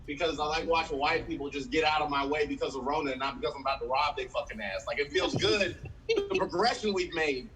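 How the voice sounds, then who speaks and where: A man from San Diego performing an animated stand-up set, swearing freely and acting out quotes. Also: fairly high pitch, quick pace, far from the mic, rough recording. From San Diego, USA. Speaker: stand-up comedian. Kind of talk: live-streamed stand-up set.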